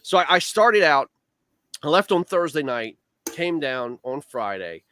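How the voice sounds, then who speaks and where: A man hosting a casual talk stream, animated and saying "man" a lot. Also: fairly high pitch, measured pace. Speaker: host, league organizer. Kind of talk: casual chat.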